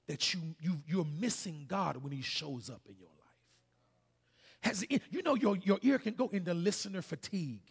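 A man preaching a sermon as pastor, calling on the congregation to respond and building to shouted climaxes. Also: high-pitched, creaky, slightly rough. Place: church sanctuary. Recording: long hall reverb.

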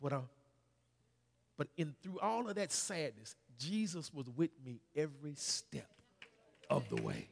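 A man preaching a sermon as pastor, calling on the congregation to respond and building to shouted climaxes. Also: fairly high pitch, big pitch swings, unhurried, gravelly, pauses often. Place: church sanctuary. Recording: long hall reverb.

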